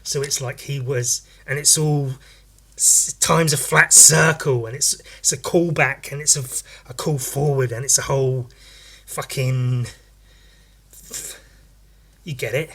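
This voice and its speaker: A man's voice: mid-range voice, fairly even intonation, a little slow, sharp tone, breathy edge. A man hosting a podcast, chatting casually and swearing, acting out scenes with sound effects. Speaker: podcast host and comic artist.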